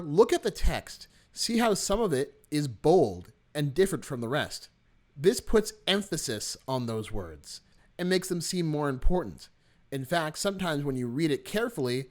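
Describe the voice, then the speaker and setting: Animated male workshop instructor. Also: on the high side. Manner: friendly, animated explaining with stressed key words. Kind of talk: screen-recorded software tutorial.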